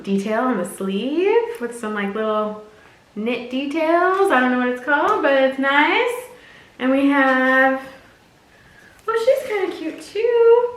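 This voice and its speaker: A woman's voice: high voice, fairly bright tone, distant mic. A woman chatting casually and giggling through a clothing try-on haul, with lots of fillers. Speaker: fashion unboxing vlogger. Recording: very echoey room, voice off-mic.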